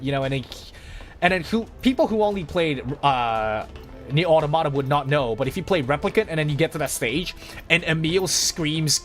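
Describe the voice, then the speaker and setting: A man streaming a game, talking in a rambling, excitable way and swearing freely as he chats. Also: a little high, normal speed, soft background music. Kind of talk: casual gaming livestream chat.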